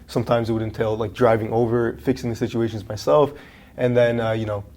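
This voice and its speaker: A man's voice: medium pitch, a little fast. A young man in his twenties, a guest on an interview podcast, telling a work story casually and acting out the people in it. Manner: animated storyteller, acts out quotes in a raised voice. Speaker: guest, franchise owner.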